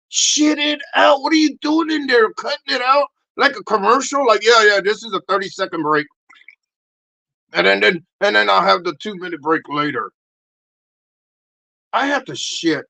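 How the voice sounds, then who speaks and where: A man hosting a livestream, rambling through a crude comic rant, acting out little voices and bursting into shouts. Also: high voice, creaky, low-quality recording. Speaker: livestream host.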